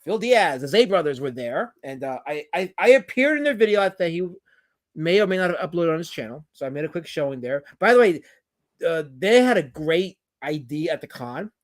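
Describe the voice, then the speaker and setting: A tired man chatting through his own livestream, his voice sitting a little high for a man. He rambles and jokes, swears freely, and reads viewers' comments out between stray thoughts. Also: very animated, brisk. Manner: rambling, joking, reads chat aloud, swears. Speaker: livestream host. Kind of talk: casual livestream chat.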